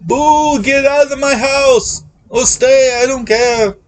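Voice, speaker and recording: A pushy ghost wails through a house in a high, crying voice, as a man puts it on. He moans each boo with a careless, grumbling bossiness and sounds a little distant. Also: slow pace. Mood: wailing. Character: wailing, pushy male ghost haunting a house.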